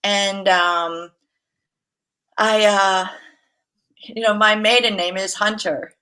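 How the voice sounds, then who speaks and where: This guest, a massage therapist, talks slowly in a mid-range voice during an easygoing interview. Her stories come alive as she laughs frequently and acts out what others said.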